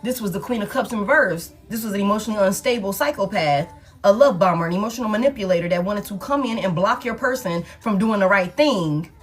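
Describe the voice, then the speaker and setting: A woman doing a tarot reading who hammers her points home, repeating lines and swearing freely. Her pitch sits in the middle for a woman. Faint music plays behind her. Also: fast, breathy edge. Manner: emphatic, repetitive and blunt, with frequent profanity. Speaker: tarot reader. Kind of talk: collective love tarot reading.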